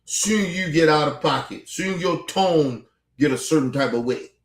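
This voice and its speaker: A man rants through exasperated, profane reaction commentary on his stream. His voice sits somewhat high for a man. The room around him rings with echo. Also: normal speed. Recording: echoey room.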